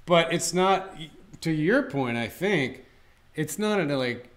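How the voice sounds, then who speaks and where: A man's voice: a little high, animated, takes it slowly. A man co-hosting a podcast, chatting casually about a TV episode with wry, joking asides. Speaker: podcast co-host. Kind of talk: casual episode review chat.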